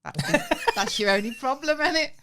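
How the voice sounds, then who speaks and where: A woman's voice: high voice, animated, moderate pace, fairly bright tone. A young woman co-hosting a casual podcast with her partner, teasing him in a giggly, playful way. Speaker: podcast co-host. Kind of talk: casual couple's podcast chat.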